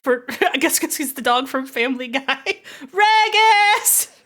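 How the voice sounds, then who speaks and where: A woman's voice: sits high, normal speed. Giggly, playful streamer woman. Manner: giggly, playful, stammers when excited. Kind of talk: reading a visual novel aloud with commentary.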